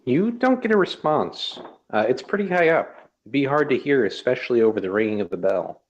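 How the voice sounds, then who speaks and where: A man narrating a tabletop game as dungeon master, relaxed and descriptive with lots of fillers. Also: medium pitch, a little fast, lo-fi sound, slight background noise.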